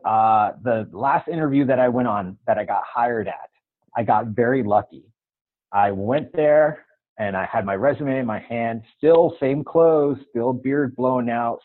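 A man telling a personal story as a guest in a casual interview, animated and laughing now and then, through a tinny phone-like sound. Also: mid-range voice.

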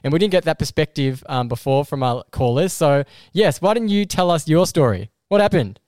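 A man's voice: fairly high pitch, expressive, brisk, darkish tone, clear, resonant tone, no echo, clean studio sound. A young Australian man hosting a casual podcast, chatty and upbeat, laughing often. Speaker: podcast host. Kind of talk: casual chat.

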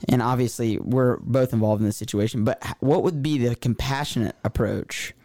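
A man with a dark, mellow tone, recorded dry and close. He co-hosts the conversation, telling a story in halting bits and circling back over his own words. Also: mid-range voice, dry recording. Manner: halting, repeats himself while telling a story. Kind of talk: conversational interview.

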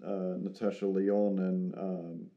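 A man's voice: low-pitched, flat delivery, slow, dull audio. A man co-hosting a podcast in a laid-back, somewhat hesitant casual chat. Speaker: podcast co-host.

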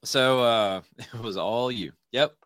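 A man's voice: mid-range voice, takes it slowly, a bit bright, dry recording. A man hosting a casual interview podcast, talking loosely with lots of fillers and restarts. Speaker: podcast host.

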